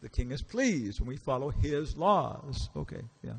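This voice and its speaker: A man's voice: mid-range voice, very animated, measured pace, gravelly. A man giving a casual, storytelling lecture in a temple hall, acting out the characters he quotes and asking the audience questions. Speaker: visiting lecturer.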